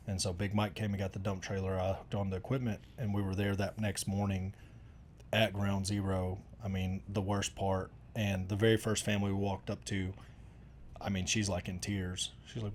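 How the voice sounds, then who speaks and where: A man's voice: sits low, flat delivery, fairly quick, darkish tone, a little hiss or hum. A middle-aged man, chatting casually and telling rambling, folksy stories with lots of restarts. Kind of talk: casual conversation.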